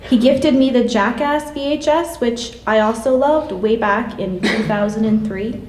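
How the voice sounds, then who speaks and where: A woman in her late thirties reading a prepared memorial tribute in a measured, gentle way. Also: on the high side. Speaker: classmate giving a memorial tribute. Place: church hall. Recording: echoey hall from a distance.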